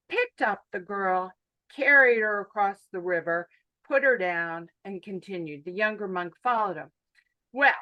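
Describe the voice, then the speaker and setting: A woman teaching an online mindfulness workshop over a video call, animated and emphatic, who repeats her key phrases. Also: medium pitch, poor audio. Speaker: workshop instructor.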